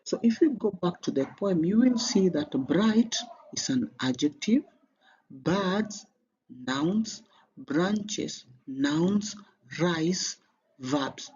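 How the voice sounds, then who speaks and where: Walking through an exam revision lesson one step at a time, this Kenyan English-accented teacher gives each new question a rising, emphatic lift. He speaks with a fairly high, slightly mellow voice. Faint background noise sits beneath a slightly dull recording.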